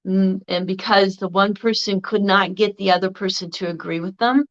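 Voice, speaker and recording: A woman's voice: medium pitch, fairly even intonation, moderate pace. A woman vlogger recording a casual video response, rambling along with a slightly crackly voice. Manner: rambling, meandering delivery. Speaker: video blogger. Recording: dull lo-fi recording.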